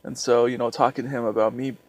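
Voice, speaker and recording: A young man vlogging a personal story, speaking in a halting, hesitant way with many restarts, soft and subdued. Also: mid-range voice, level tone.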